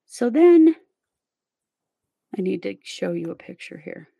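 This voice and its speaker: A woman's voice: medium pitch, big pitch swings, takes it slowly, creaky, mellow, no room sound. A woman hosting a podcast, telling a true crime case in a casual, step-by-step way with fillers. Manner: conversational, recounts events step by step with fillers.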